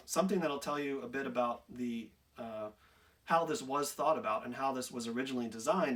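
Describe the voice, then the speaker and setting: A man's voice: mid-range voice, a bit bright, recorded from a distance. A man who repairs saxophones for a living, walking through a technical explanation step by step and often checking in with "right?". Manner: methodical, repeats "right?" as a check-in.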